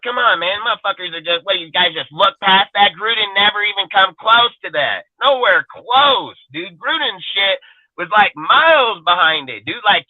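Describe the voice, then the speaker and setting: A man rants through heated sports talk, cursing hard and circling back to the same points. His voice sits high for a man. The sound is dry and thin, like a phone line. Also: no room sound. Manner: profane, ranting, repetitive. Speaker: podcast co-host.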